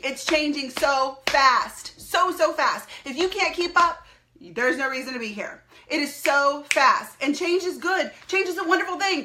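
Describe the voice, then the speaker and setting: A woman talking to live-stream viewers as a network marketing team leader, emphatic and animated, repeating her points and laughing often. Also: sits high, background noise.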